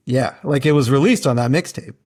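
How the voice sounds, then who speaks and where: A man's voice: mid-range voice, brisk, darkish tone. A man from Canada hosting a casual interview, telling his own stories with enthusiasm. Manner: enthusiastic storytelling. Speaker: podcast host.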